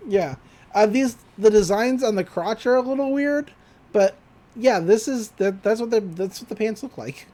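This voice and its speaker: Podcast co-host from Texas, mid-pitched, loose and sweary, recapping a cartoon episode. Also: animated, normal speed, dark tone. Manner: rambling, profane, laughs often.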